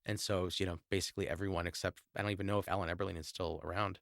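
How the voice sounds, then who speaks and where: Low-voiced, laid-back man co-host. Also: very fast, creaky, no room sound, studio quality. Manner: relaxed, hesitant, with frequent fillers. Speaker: podcast co-host. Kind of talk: casual chat.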